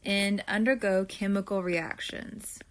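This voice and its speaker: A woman teacher talking students through a video lesson, slow and deliberate, thinking aloud while she writes and speaking to them directly. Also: mid-range voice, fairly even intonation, a little hiss or hum. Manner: friendly, addresses students directly. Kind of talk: classroom video lesson, filling in notes.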